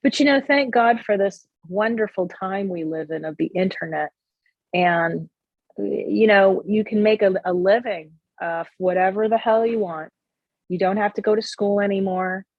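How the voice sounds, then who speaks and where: Wry joking woman comedian, husky. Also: medium pitch, normal speed, dry recording, dull audio. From Canada. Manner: wry, joking, plugs her work. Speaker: guest comedian. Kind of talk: casual interview chat.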